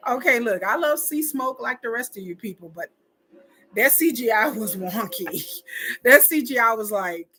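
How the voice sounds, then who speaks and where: A woman's voice: a little high, expressive, moderate pace, bright, forceful tone. A woman chatting casually on a home livestream, reacting and often acting out other people's lines. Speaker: live watch party streamer. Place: home, indoors.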